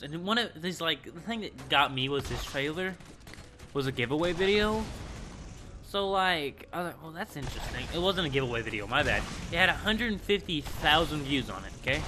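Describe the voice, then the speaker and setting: A young man casually telling a school story on his vlog, rambling and excitable, with lots of filler words. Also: fairly high pitch, normal speed, slight background noise. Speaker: gaming channel host.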